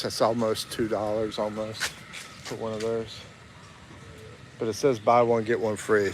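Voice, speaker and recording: Walking outdoors in a town, a man livestreams a casual vlog, reading comments from viewers aloud, chatting and laughing often. His voice is mid-range, with slight background noise.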